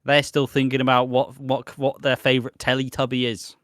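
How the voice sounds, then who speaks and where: A man's voice: mid-range voice, completely flat delivery, a little fast, fairly bright tone, no echo, clean studio sound. A man co-hosting a podcast, rambling in casual chat with lots of restarts and the odd swear. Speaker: podcast co-host.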